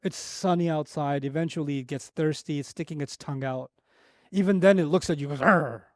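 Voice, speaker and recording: Animated high-pitched male Quran lecturer. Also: fairly quick, no echo, studio quality. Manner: animated storytelling, pitch rising high for emphasis and dropping low and quiet. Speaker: Quran teacher.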